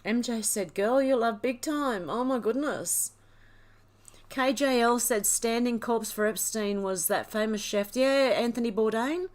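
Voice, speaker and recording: A woman's voice: on the high side, a little slow. A woman hosting a livestream, emotional and crying as she reads viewer comments aloud in casual chat. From Australia. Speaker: livestream host.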